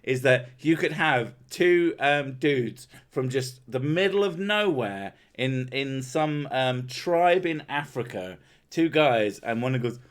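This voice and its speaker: A man's voice: mid-range voice, animated, takes it slowly. Guy hosting his stream, swears a ton, jokey, voice jumps all over. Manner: crude, swearing, joking loudly. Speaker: streamer and channel host. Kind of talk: casual stream banter.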